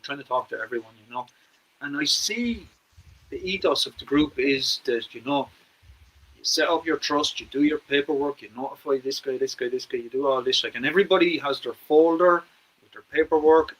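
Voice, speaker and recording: A man's voice: on the high side, fairly bright tone, rough recording. A man with an Irish accent hosting a conversational podcast interview. He talks in an earnest, persuasive way and repeats words to stress a point. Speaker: podcast host.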